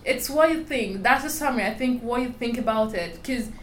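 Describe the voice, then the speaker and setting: A woman's voice: on the high side, a little fast, slight background noise. A young woman with a strong foreign accent, telling her story candidly and emphatically in an interview. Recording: roomy echo with faint ambience.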